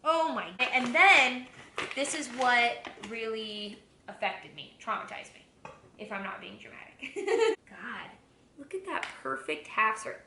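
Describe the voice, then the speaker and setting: A woman's voice: fairly high pitch, sing-song, unhurried, pushed and bright, slight background noise. Giggly, foul-mouthed young woman in an echoey kitchen. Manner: candid, giggly and profane. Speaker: vlogger. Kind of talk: casual chat. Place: home kitchen.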